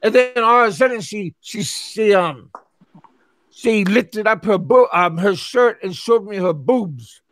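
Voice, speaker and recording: This is a male show host with a high voice, telling a story casually and stammering, repeating his words again and again. The sound is dry and close, with no room around it. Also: expressive, a little slow, fairly bright tone, no room sound. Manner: talks back to chatters who interrupt him.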